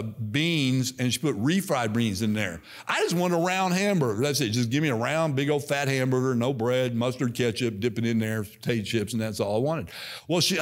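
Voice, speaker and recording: A man in his sixties giving a folksy, conversational church address, repeating himself and leading the congregation in call-and-response. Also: fairly high pitch. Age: 60s. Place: church sanctuary.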